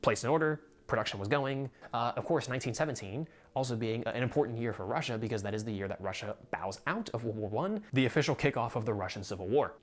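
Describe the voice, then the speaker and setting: This gun collector video host is a young man from the United States who speaks quickly with few pauses in a mid-range voice. His casual chat wanders around, full of laughter and loose swearing whenever something annoys him.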